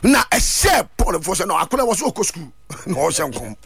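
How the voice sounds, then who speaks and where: A man preaching a sermon, switching between Twi and English and rising to shouts. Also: high voice, very animated, moderate pace, vocal fry, breathy edge, no echo. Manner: fervent, mixing Twi and English, shouting at peaks.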